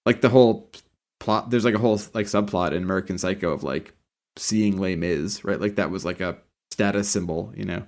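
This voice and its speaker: A man's voice: sits low, a little fast, a little mellow. A man co-hosting a podcast, rambling in casual chat with lots of filler words. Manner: rambling, many filler likes. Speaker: podcast co-host.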